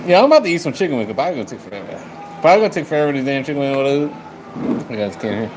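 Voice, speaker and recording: A man's voice: mid-range voice, big pitch swings, racing. A man chatting on a live stream, rambling and swearing as he talks to his viewers. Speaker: livestreamer. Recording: noisy background.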